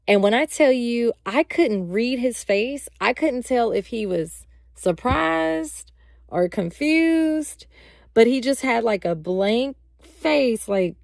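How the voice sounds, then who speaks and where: Slow, gravelly woman telling a story. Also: on the high side, no echo, studio quality. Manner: animated, addresses viewers directly. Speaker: vlogger. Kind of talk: casual storytelling.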